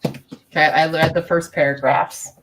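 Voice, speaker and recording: A woman's voice: low voice, fairly even intonation, a little slow, slight background noise. A woman book vlogger in casual chat, chatty and playful. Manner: chatty, playful, baby talk to her pet bird.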